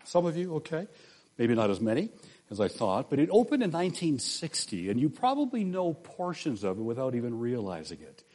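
A pastor giving a conversational sermon, often asking the congregation questions. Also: male voice, medium pitch, huge pitch swings, fairly quick, a little mellow.

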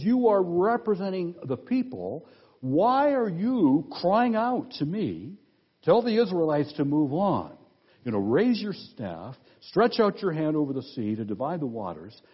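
A man's voice: on the high side, breathy edge. A man preaching an expository sermon, reading scripture aloud with comments and asking his listeners questions as he teaches. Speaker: pastor. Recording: dull lo-fi sound.

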